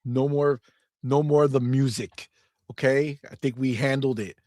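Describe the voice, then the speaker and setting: A man's voice: mid-range voice, steady tone, normal speed, a little mellow, no echo. A male livestream host on a podcast, ranting in a profane, exasperated way. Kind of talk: livestream chat.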